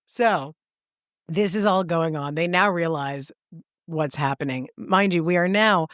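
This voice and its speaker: Animated woman telling stories, dry sound. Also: lowish voice, a little slow, dry recording. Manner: animated storyteller, laughs often, acts out quotes. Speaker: podcast co-host. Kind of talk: casual chat.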